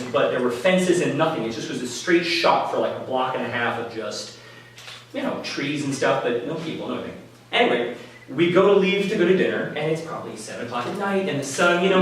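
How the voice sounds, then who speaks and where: A man telling a personal story at a live story slam in a conversational, animated way, with quick asides to the audience. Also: fairly high pitch, slight background noise. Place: small venue before a live audience. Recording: echoey room, mic from a distance. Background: audience laughter.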